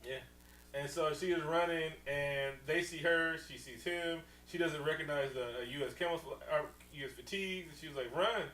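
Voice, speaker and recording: A man co-hosting a casual podcast, recapping a movie in slangy, animated talk, laughing often and acting out the characters. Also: on the high side, moderate pace. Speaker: podcast co-host. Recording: echoey room, far from mic, faint hum.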